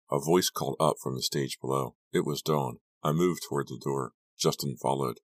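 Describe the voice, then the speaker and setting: Super deep voiced guy reading an audiobook, steady storytelling, dry close mic. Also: moderate pace, no echo. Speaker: audiobook reader. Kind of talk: scripted first-person narration.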